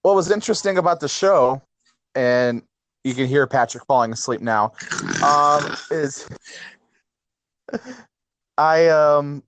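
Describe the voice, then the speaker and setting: A man's voice: a little high, no room sound. A man co-hosting a casual chat podcast. He rambles, mocks himself and laughs easily. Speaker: podcast co-host.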